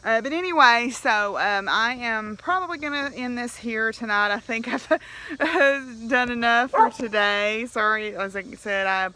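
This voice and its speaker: A woman's voice: fairly high pitch, a little slow, slight background noise. Candid woman vlogging. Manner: rambling and candid, with soft laughs and many fillers. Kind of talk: casual diary vlog.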